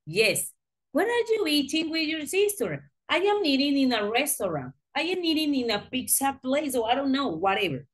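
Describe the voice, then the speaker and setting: Over a video call, a high-pitched, lively woman gives an online English grammar lesson. A native Spanish speaker, she explains slowly and patiently, adding lively emphasis.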